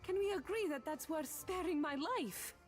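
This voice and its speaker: A woman voicing a nervous conspirator in a video game who is trying to bargain for her life, speaking in a hurried, placating way. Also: extremely high pitch, faint music behind.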